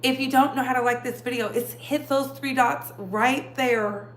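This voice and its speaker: A woman's voice: high voice, fairly even intonation, moderate pace, a little hiss or hum. A woman hosting a casual live-stream gossip chat, chatty and laughing often as she greets viewers by name. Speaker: livestream host. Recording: echoey room.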